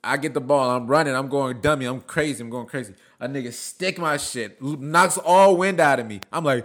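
A man's voice: mid-range voice, fairly quick, few pauses. A man in a casual podcast talk, telling a story with energy and swearing. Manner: animated storytelling, profane. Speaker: podcast host.

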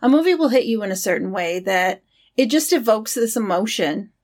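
A woman co-hosting a movie podcast, reassuring and chatty, talking in quick bursts. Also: mid-range voice, lively intonation, a little mellow. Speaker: podcast co-host. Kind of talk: casual chat.

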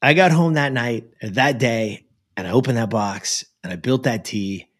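An American man of middle pitch tells a personal story in conversation as a guest. He speaks earnestly and with emphasis, and leans on casual fillers as he goes. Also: normal speed, breathy edge. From United States. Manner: earnest and emphatic, with frequent "like" and "you know".

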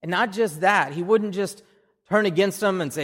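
In a large church hall, a pastor with an Oklahoma accent preaches a sermon conversationally, often repeating a word as he restarts a phrase. His voice is high and a bit bright, at normal speed.

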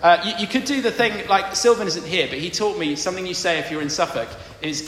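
Playful posh English vicar leading a family sermon; bright tone, long church reverb. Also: male voice, sits high, fast talker, slight background noise. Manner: playful, drawing in the congregation. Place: large church. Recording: echoey church hall.

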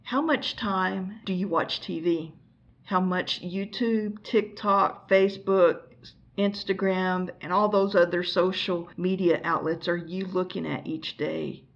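A woman's voice: on the low side, steady tone, slow pace, dull audio. A woman from the United States giving an earnest, exhorting sermon and asking the listener pointed questions. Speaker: preacher. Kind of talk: recorded teaching sermon.

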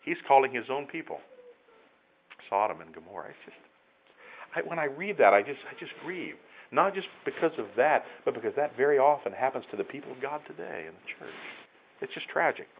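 A man preaching a sermon in an earnest, emphatic way, rising often to loud exclamations. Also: medium pitch, sing-song, fairly quick, breathy edge, narrow, tinny audio. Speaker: pastor.

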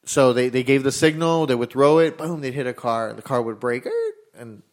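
A man's voice: mid-range voice, brisk. Swearing young man telling a story. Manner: rambling, swears freely, acts out dialogue. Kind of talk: casual storytelling.

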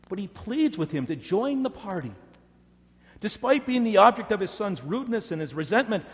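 A man preaching a sermon, swinging dramatically between loud emphasis and hushed words. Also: high voice, slight background noise. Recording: echoey hall reverb.

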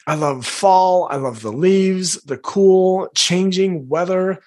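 A man's voice: sits high, slow, darkish tone. A man in his forties, a life coach, giving a motivational teaching talk to viewers in an earnest, emphatic way and repeating his key phrases.

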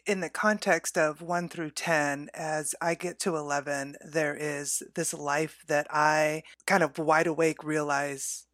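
A woman's voice: deep voice, steady tone, slow, few pauses, a bit bright, no room sound, studio quality. A woman co-hosting a faith podcast, telling a personal story in an earnest, heartfelt way.

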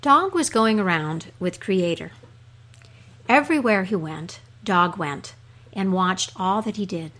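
A woman hosting a storytelling podcast, telling a folk tale in a soft, measured way. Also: mid-range voice, lively intonation. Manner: slow, measured, soft delivery.

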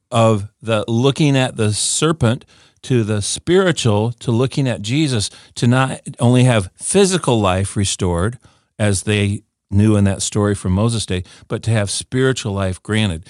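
A man's voice: mid-range voice, no room sound, clean studio sound. An older man giving an informal scripture teaching talk, eager and often restarting with repeated words as he explains. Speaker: Bible teacher.

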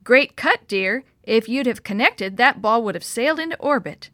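Frantic shouting father, read by a woman. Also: a little high, expressive, moderate pace, no room sound. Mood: teasing. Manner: shouting urgently. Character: panicked protective father.

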